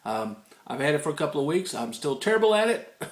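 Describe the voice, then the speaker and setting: A man's voice: on the high side, very animated, fast talker. A man from Tennessee with a Southern US accent, giving a casual, rambling, good-humored ukulele book review from a room indoors. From Tennessee, United States. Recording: roomy echo in a room.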